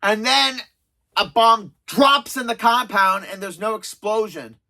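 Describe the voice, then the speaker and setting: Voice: mid-range voice, a little slow, sharp tone. A reviewer in their thirties talking through a countdown of favourite TV episodes in a casual, rambling way, full of self-aware sarcasm. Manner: chatty, self-described sarcastic, rambling with restarts. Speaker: video reviewer.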